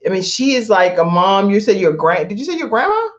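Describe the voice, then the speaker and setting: A woman's voice: medium pitch, very animated, a little fast. A woman hosting a live-stream talk show, chatty, laughing often and reading out viewer comments. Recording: dull lo-fi audio.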